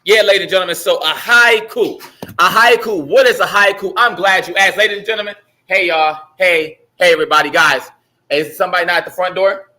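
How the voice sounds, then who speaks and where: A man giving the morning announcements at a school assembly, energetic and repeating his points with call-and-response. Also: high voice, brisk.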